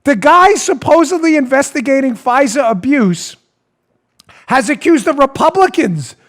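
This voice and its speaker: A male talk show host ranting about politics with animated sarcasm, often laughing mid-rant. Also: extremely high pitch, normal speed.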